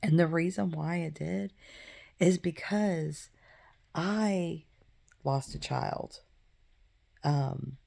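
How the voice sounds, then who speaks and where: A woman's voice: low voice, drawn-out words, gravelly, pauses often, warm tone. A woman in her thirties, hosting a faith podcast and retelling a Bible story in casual talk, with many fillers and asides. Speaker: podcast host.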